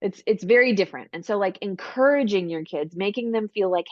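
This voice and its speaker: A woman presenting an online parenting workshop, talking casually and leaning on fillers like "right?" and "like". Her voice is mid-pitched and sits close and dry, with a slightly muffled, dull video-call sound. She slips into a brighter, upbeat tone when she acts out what a parent might say. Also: animated, brisk, few pauses, no room sound.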